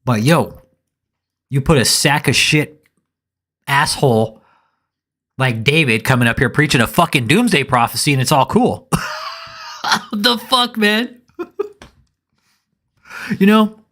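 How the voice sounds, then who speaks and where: Guy ranting live over a clip, swearing nonstop, mid-pitched ordinary voice. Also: animated, unhurried, long pauses, fairly bright tone. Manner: angry, profane ranting. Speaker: commentator. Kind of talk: live reaction commentary.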